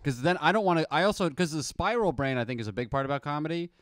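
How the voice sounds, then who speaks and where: A man's voice: a little high, rapid-fire, dry recording, studio quality. A man, a guest comedian from New York, chatting on a podcast and acting out quotes in shifting voices. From Astoria, New York. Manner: animated storyteller, acts out quotes in shifting voices. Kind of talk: casual podcast chat.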